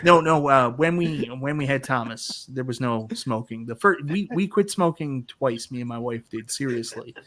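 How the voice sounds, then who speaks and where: A man's voice: mid-range voice, normal speed, few pauses, fairly bright tone. A man in his thirties hosting a casual panel chat over a video call, a jokey storyteller who laughs a lot. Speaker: host of an arcade talk show.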